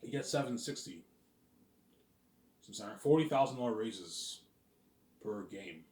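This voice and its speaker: A man's voice: fairly low pitch, animated, measured pace, darkish tone. Rambling man vlogging in an echoey room. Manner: rambling with fillers, restarts and swearing. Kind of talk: casual rambling monologue. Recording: roomy echoing room.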